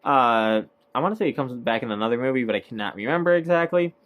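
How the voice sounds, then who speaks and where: A man's voice: medium pitch, lively intonation, fast talker, fairly bright tone. A man casually recapping a movie, rambling with lots of fillers and hesitations. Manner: rambling, filler-heavy, laughs at own points.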